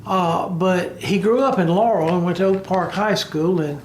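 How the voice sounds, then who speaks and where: Male sports writer, high-pitched and halting, roomy studio sound. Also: a little mellow, slight background noise. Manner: halting, easygoing, many fillers. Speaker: sports writer, radio co-host. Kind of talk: casual sports radio chat.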